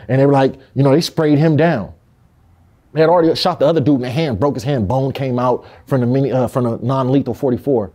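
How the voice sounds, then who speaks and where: Man from Compton, interview, dark mellow voice, blunt street slang, swearing freely. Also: medium pitch, fairly even intonation, fast. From Compton, California. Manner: emphatic street slang with heavy profanity. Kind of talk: candid storytelling interview.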